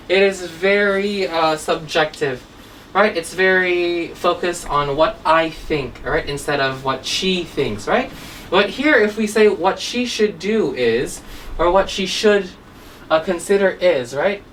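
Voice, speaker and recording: A woman teaching English grammar in an online lesson, often checking in with "right?" and "okay?". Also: low voice. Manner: tags sentences with "right?" and "okay?". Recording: distant mic with faint background noise.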